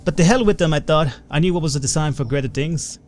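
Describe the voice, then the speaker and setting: A man voicing a rowdy, gruff older male punk-rocker mage in a put-on Irish accent while reading game dialogue. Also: a little high, quick pace, soft background music, pitched above the performer's own voice, close to an everyday voice. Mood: swaggering.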